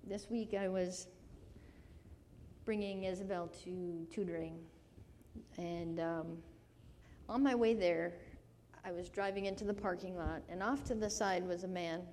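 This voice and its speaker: A woman's voice: fairly low pitch, fairly even intonation, unhurried, long pauses, a little mellow, long reverb tail, slight background noise. A woman preaching a sermon, telling a personal story earnestly and growing emotional. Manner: earnest, rising to emotional intensity.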